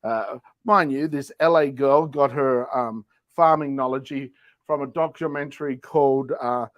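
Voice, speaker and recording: A man's voice: medium pitch, fairly even intonation, unhurried, dry recording. A man co-hosting a casual talk show, telling stories with a playful manner and mimicking animal and neighbor voices. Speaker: co-host. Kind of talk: casual chat.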